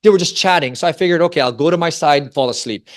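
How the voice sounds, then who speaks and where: A man in his forties from the Philippines, giving a Christian family talk and telling a personal story with lively, animated delivery and frequent questions to the audience. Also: fairly high pitch, quick pace. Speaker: family ministry speaker.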